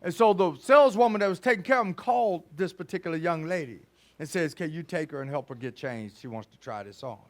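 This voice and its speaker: High-voiced preacher retelling a story. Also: male voice, lively intonation, quick pace. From Texas. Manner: retells a story, acting out each character's lines. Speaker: pastor. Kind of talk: sermon storytelling.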